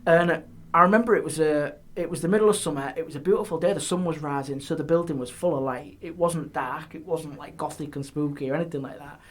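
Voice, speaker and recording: A man, a guest on a podcast, telling ghost stories in a lively way and dropping his voice on eerie details. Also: on the high side, fast, few pauses. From England. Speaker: guest, paranormal historian. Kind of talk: casual storytelling. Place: podcast studio.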